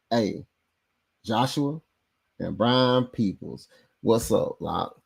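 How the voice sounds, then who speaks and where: A man hosting a sports talk stream from home, running loose and animated on heavy slang. He keeps circling back to the same phrases, and his pitch jumps up high when he gets worked up. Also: takes it slowly, vocal fry, pauses often, breathy edge. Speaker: podcast host. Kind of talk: casual sports talk livestream. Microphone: new desk microphone setup.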